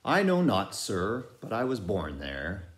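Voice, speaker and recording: A superstitious, gloomy old sailor in an audiobook, muttering his thoughts with a wary, slow drawl, as a man puts him on. His pitch moves about a lot. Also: wildly swooping pitch, exaggerated voice.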